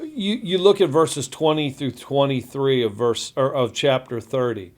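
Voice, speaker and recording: A man's voice: medium pitch, animated, unhurried, a little mellow. A man pastor hosting a Bible study podcast, talking emphatically and reading scripture aloud with feeling.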